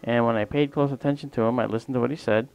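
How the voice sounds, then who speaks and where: A man's voice: medium pitch, fairly even intonation, rapid-fire, gravelly, a little mellow, soft background music. A man hosting a livestream and telling a long personal story in a casual, rambling way that often trails off mid-sentence. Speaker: livestream host.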